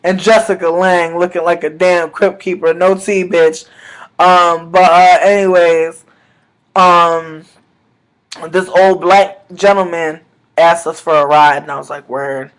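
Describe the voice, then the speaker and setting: High-pitched animated man, casual storytelling. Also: unhurried, clear, resonant tone, low-quality recording. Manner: animated, profane, slangy, swings between loud bursts and mutters. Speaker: vlogger.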